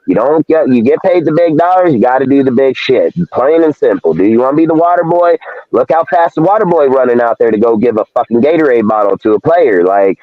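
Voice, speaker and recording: On a live sports talk show, a podcast co-host rants bluntly about pro football pay, his medium-pitched voice heavy with profanity and emphatic repetition. The audio is thin and dry, like a phone call.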